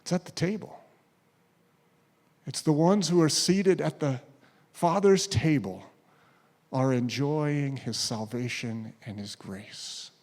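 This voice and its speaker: A man preaching a sermon, retelling a story with acted quotes and dropping to a hush at key points. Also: a little high, slow pace, pauses often. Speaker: pastor.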